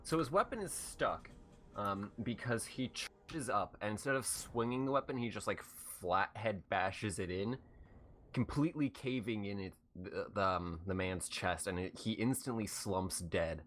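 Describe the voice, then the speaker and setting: A man narrating a tabletop role-playing game as game master, explaining dice and describing combat with many pauses and fillers. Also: lowish voice. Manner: relaxed, halting, many fillers.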